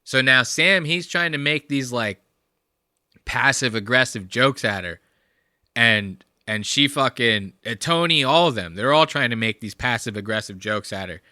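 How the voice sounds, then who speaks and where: A young male podcast host reacting to clips in casual, profane, rambling talk. His voice is bright and forward. The sound is dry and close. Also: mid-range voice, lively intonation, normal speed, dry recording.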